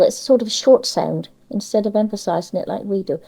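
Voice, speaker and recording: A woman's voice: medium pitch, brisk, creaky, dark tone, low-quality recording. An older woman with a Cornish accent, chatting in an interview and giving emphatic opinions. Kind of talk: casual conversation.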